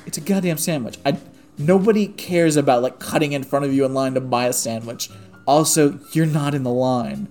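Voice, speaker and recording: A man's voice: on the high side, normal speed, a little mellow, soft background music. A man telling a story in casual chat, swearing often and sounding exasperated as he rants. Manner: profane, exasperated ranting storyteller.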